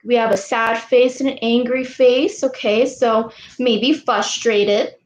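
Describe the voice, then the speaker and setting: A woman coach teaching a live online lesson to girls, patient and encouraging, repeating each question slowly for the kids. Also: on the high side, fairly even intonation, reverberant, poor audio. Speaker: youth sports coach.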